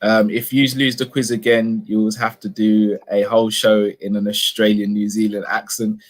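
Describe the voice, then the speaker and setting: A man's voice: lowish voice, level tone, moderate pace. Man hosting a casual live football chat. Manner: leads discussion with probing questions. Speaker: host reading viewer comments.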